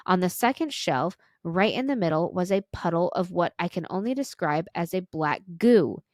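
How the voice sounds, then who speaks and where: A woman's voice: fairly low pitch, animated, moderate pace, darkish tone, no echo, clean studio sound. A woman podcast co-host reading a listener's story aloud, with small stumbles and restarts.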